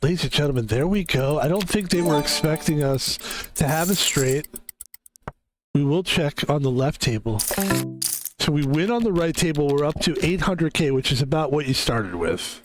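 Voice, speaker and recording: This man's voice is a little high and expressive, moving at normal speed as he chats through a gaming stream with music playing behind him. He sounds tired and rambling, leaning on lots of fillers.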